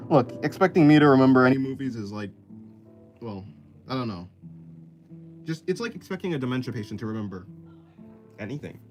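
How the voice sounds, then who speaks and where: A man chatting casually on a drawing stream, his pitch bouncing up and down with a lot of movement. He reads viewer messages aloud and answers in a loose, self-deprecating, rambling way, often laughing. A soft guitar plays quietly behind him. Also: animated, moderate pace, pauses often, dull audio. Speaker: art livestreamer. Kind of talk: casual livestream chat while sketching, reading chat aloud.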